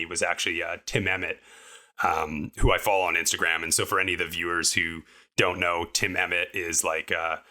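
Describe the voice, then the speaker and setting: A man's voice: low voice, pushed and bright. A young man casually recounting a climbing trip in a podcast interview, upbeat and rambling with lots of fillers. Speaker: podcast co-host and guest recounting a climbing fall.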